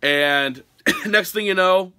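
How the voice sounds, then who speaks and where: Chatty male vlogger from Pennsylvania, bright forceful voice, dry close sound, answers fan questions laughing. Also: high voice, slow pace, clean tone, no echo. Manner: chatty and animated, often laughing. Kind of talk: casual storytelling Q&A. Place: his home.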